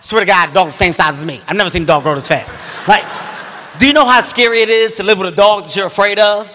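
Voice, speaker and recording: A man's voice: high voice, fast talker, sharp tone, a little hiss or hum. A man telling a stand-up story with intense, profane energy. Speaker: stand-up comedian. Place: comedy stage before a live audience. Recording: long hall reverb.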